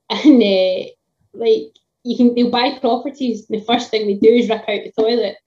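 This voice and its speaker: A woman's voice: fairly high pitch, steady tone, moderate pace, mellow, highs cut off. A woman, a tradeswoman chatting casually on a video call, with lots of fillers and laughs. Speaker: tradeswoman guest.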